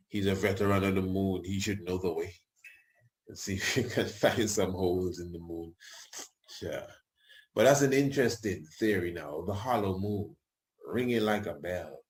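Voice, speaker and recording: Rambling, low-voiced male radio host. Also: moderate pace, darkish tone. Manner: rambling, colloquial, chuckles asides. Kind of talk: casual radio talk.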